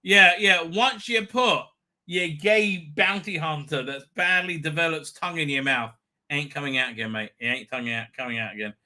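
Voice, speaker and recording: Crude and mocking, this man hosts a live stream full of sarcastic remarks, frequent swearing, and jeering put-on voices. He speaks at a normal speed in a voice on the high side with a sharp tone.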